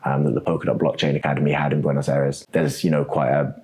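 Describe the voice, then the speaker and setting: Guy with a super low voice, laid back, lots of ums and "right?" while he explains stuff. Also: quick pace. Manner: relaxed, thinks aloud with many ums and "right?" tags. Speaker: guest, co-founder of a web3 architecture startup. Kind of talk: casual conversational interview.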